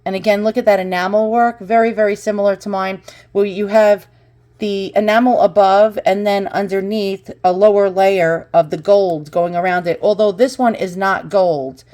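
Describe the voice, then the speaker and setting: A woman vlogger talking through an unboxing and price research, often breaking into excited exclamations. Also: medium pitch, moderate pace. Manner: excitable, exclaims over finds.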